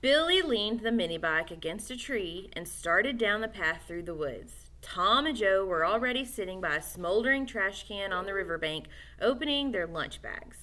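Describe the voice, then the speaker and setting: A woman reading a children's novel aloud, animated, with small slips and self-corrections. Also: mid-range voice, normal speed, hardly any pauses. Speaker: audiobook reader.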